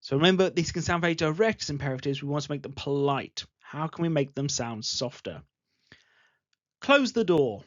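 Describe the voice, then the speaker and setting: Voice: medium pitch, a little fast, few pauses, no room sound. An English teacher giving an online grammar lesson, speaking patiently and repeating example sentences. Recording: dull lo-fi voice recording.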